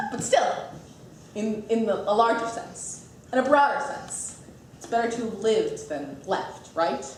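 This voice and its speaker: A woman's voice: mid-range voice, slight background noise, natural voice. A woman playing a chatty, wistful narrator who confides in the audience during a stage musical. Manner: confiding, rambling asides to the audience. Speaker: stage actor. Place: theater stage. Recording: echoey stage from far off.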